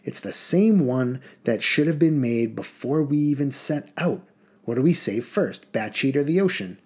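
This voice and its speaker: A man voicing an excitable young woman spy who gushes and hisses her asides in an audiobook reading. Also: medium pitch, moderate pace, husky. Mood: gushing. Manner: gushing, hissing asides.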